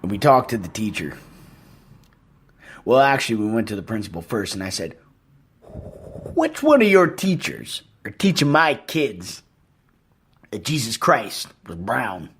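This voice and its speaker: A man's voice: lowish voice, big pitch swings, fairly bright tone, breathy edge, heavily acted. A man doing a comedic impression of a blustering, patriotic rock-star father, hosting a podcast with rambling, self-righteous stories. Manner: rambling, self-righteous storytelling with slow pauses. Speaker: podcast host.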